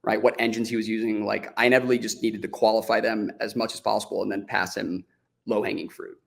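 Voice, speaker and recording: A man as a podcast guest, telling a story in a casual, animated way, acting out the dialogue as he goes and often restarting his sentences. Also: fairly low pitch, quick pace, creaky. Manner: frequent restarts and "like" fillers.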